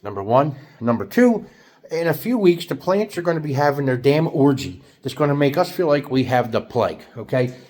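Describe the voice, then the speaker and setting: A man's voice: medium pitch, big pitch swings, a little fast, darkish tone. A man from South Jersey with a South Jersey accent, rambling to camera in a casual vlog, chuckling often and restarting sentences. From South Jersey, United States. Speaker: vlogger.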